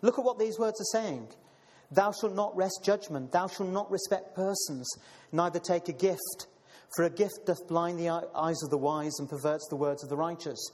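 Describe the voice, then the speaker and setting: A man's voice: fairly high pitch, moderate pace, darkish tone. A man preaching a sermon and reading scripture, calling listeners brothers and sisters, with many fillers and repeated words. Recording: long hall reverb.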